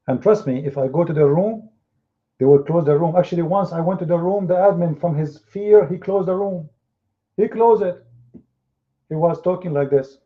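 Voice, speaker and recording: An online debate room's host talks with scorn and sarcasm, impersonating the people he quotes. His voice is a little high at normal speed, and the recording has a tinny, phone-like quality.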